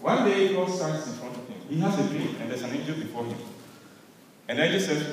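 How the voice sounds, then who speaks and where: A man preaching to a crowd, retelling a Bible story in an animated storytelling manner and speaking directly to listeners. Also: on the high side, fairly quick, a little hiss or hum. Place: large hall on a campus. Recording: echoey hall from far off.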